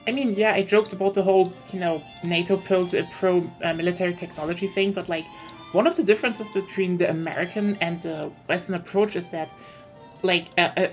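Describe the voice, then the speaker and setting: Woman streamer, lower register, chatty and explanatory, light music bed. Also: fairly even intonation, a little fast. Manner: explanatory, thinks aloud in long winding turns. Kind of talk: casual chat while streaming a strategy game.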